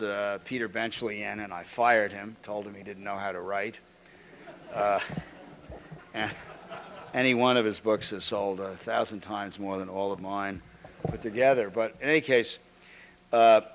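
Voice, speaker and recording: An older man giving an anecdotal lecture, halting often, restarting phrases and clearing his throat. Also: fairly low pitch, slight background noise. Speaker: guest lecturer. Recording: archival lecture recording.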